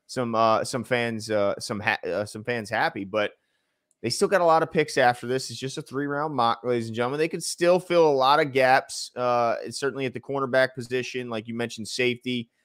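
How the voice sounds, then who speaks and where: Man, sports talk host, animated, rambling, casual chat. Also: mid-range voice, brisk. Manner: animated, rambling, reads viewer comments aloud.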